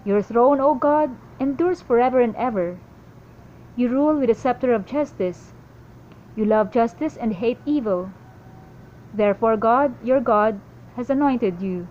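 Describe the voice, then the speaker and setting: A woman reading a daily Bible passage aloud in a steady devotional style, with small slips and restarts. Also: a little high, unhurried, lo-fi sound, slight background noise. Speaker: Bible reader.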